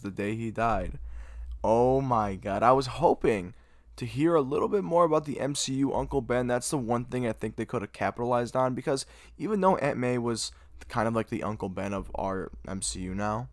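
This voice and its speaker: A young man gushing about a movie in an excited, casual recap, full of "dude" and "oh my God". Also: medium pitch, dry recording, clean studio sound. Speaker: movie fan reviewer.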